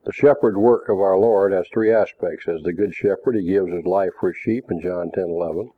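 A man preaching a Bible lesson, measured and reading scripture passages aloud. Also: sits low, dry recording. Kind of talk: Bible teaching. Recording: tinny phone-like recording.

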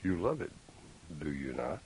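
A man preaching a sermon, deliberate and emphatic, with pointed rhetorical questions. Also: extremely low pitch, sing-song, a little mellow, poor audio. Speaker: pastor. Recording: faint hiss.

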